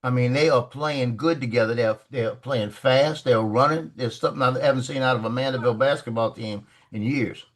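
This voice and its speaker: A man's voice: mid-range voice, brisk, few pauses. A man telling a basketball story on a video call, acting out the quoted lines. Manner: animated, acts out quoted lines. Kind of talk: casual storytelling.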